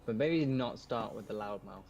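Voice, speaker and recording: A man at a tabletop game thinks aloud, hesitant and full of pauses. His voice is fairly low. A clear hiss sits behind him. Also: expressive, a little mellow, muffled recording. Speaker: player. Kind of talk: casual chat.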